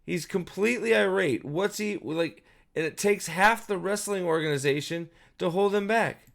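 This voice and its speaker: A man's voice: high voice, normal speed, creaky, a bit bright. A man giving casual, profane video commentary as host, ranting in an exasperated way with frequent restarts.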